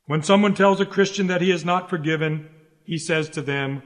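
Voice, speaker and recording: A man with a high-pitched voice delivers a sermon in an earnest, emphatic manner, returning again and again to direct appeals to his listeners. His voice trails off into a long reverb, as if he were speaking in a large hall. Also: normal speed. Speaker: preacher. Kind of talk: sermon read aloud.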